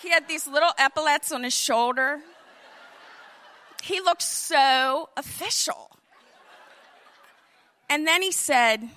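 A middle-aged woman telling a funny personal story, animated, acting out quotes in shifting voices. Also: high voice, takes it slowly, long pauses.

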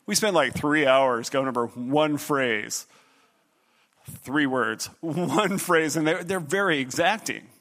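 Animated middle-aged man telling a funny story. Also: takes it slowly. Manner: animated, acts out other voices and jumps in pitch. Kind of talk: comic personal story.

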